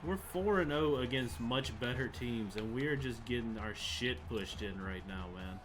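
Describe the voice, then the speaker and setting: Music plays behind a young man's mid-range voice as he commentates live on a football video game at a moderate pace. The gaming channel host is frustrated, swearing his way through a rant about the plays.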